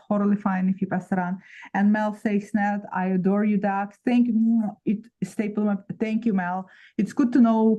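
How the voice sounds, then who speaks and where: A woman's voice: mid-range voice, dark tone, lo-fi sound. A woman chatting casually on a video call, reading out viewer comments and joking. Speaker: co-host.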